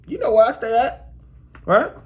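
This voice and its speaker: A man's voice: very high-pitched, normal speed, a little hiss or hum. Slangy young man telling a story. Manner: animated, slangy, talks straight to viewers. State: sore mouth after dental work. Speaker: vlogger. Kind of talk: casual storytelling vlog.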